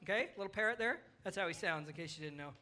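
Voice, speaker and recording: Bright, upbeat children's pastor. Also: medium pitch, lively intonation, fast talker. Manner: playful, upbeat, coaxing kids along. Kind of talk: children's sermon to kids and adults. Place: church service.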